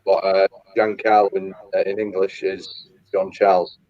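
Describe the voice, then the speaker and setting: A man with a very low voice chats as a guest, self-mocking and dry. His video call audio sounds dull and dead, with no room at all. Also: level tone, moderate pace, no room sound. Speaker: guest fan. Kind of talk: casual chat.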